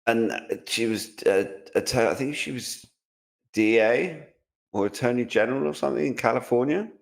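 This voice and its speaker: A man's voice: medium pitch, normal speed, vocal fry. A man from Britain co-hosting a casual chat, mocking and opinionated, rambling with restarts. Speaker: co-host, tech commentator.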